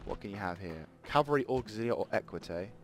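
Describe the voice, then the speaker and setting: A man's voice: lowish voice, expressive, fast, soft background music. A man giving rambling let's play commentary at a desk mic, thinking aloud as he plays. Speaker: gaming channel host.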